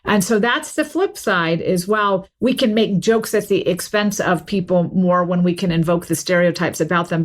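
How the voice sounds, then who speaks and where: A middle-aged woman from the American South, a professor speaking in an articulate, explanatory way during an interview. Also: on the low side. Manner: articulate, explanatory, steady flow. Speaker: linguistics professor and author, guest. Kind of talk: casual interview talk.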